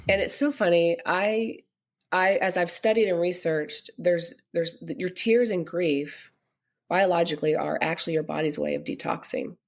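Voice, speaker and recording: Woman guest, lower voice, earnest storytelling, middle-aged, lively quoting. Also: moderate pace, creaky. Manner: earnest, animated when quoting others. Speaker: podcast guest. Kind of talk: personal storytelling in an interview.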